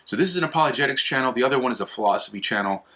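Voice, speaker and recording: Bright-voiced man rambling through a casual talk. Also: mid-range voice, very fast. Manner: rambling, many fillers and restarts, animated retelling. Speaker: host of an apologetics video channel. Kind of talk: casual explainer monologue.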